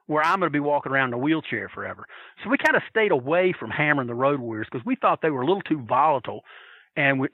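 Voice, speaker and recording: A man spins profane stories in a bright, lively voice that swings up and down. He laughs as he talks. The sound is dry and close. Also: on the high side, no echo, dull audio. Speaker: podcast guest. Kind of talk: casual storytelling.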